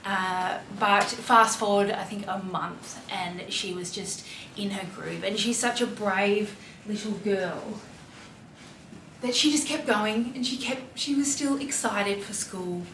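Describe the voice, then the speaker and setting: She's an Australian fashion vlogger and mom in her thirties, speaking slowly in a mid-range, slightly bright voice during a casual confessional chat. Her tone is heartfelt and filler-heavy, and the distant-mic audio carries roomy echo, faint ambience and a little hiss or hum.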